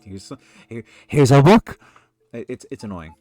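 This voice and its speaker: A man's voice: mid-range voice, sing-song, moderate pace, darkish tone, dry recording, soft background music. A man giving casual gameplay commentary, rambling and ranting in exasperation. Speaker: let's play commentator.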